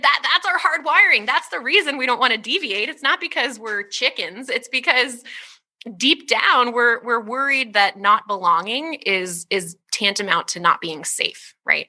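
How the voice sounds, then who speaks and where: A woman in her thirties, a guest author talking in an interview, energetic and expressive and laughing often. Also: mid-range voice. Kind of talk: conversational interview talk.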